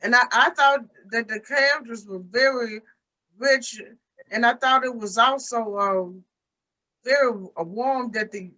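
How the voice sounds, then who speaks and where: Brief: event host on a call, bright tone, hesitant and friendly phrasing. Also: medium pitch, rough recording. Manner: warm, halting, with fillers. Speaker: festival host. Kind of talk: interviewing an author. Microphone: video call.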